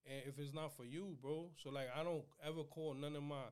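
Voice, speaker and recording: A Bronx-raised man with a New York accent, his voice sitting noticeably high for a man. He tells stories in relaxed street slang and swings into loud, lively retellings. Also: brisk, clean tone. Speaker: guest comedian. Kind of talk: casual podcast chat, storytelling.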